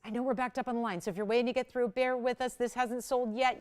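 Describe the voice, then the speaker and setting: A woman hosting a live jewelry sales show, talking fast and chatty with bursts of excitement. Her voice sits a little high and comes through smooth and clear. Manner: chatty, upbeat selling patter with bursts of excitement. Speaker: shopping channel jewelry host. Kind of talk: live home shopping presentation.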